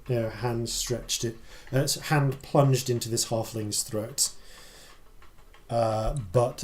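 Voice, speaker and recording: A man narrating a tabletop game as dungeon master, halting often with fillers and restarts. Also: medium pitch, darkish tone.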